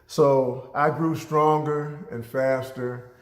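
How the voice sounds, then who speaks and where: A man from Ohio tells a personal story in a lively storytelling style. His voice sits in a middle range and gets roomy echo around it. He jumps his pitch way up to act out the voices in his story. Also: slow pace. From Ohio, USA. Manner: animated storyteller, acts out dialogue with big pitch jumps. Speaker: motivational speaker.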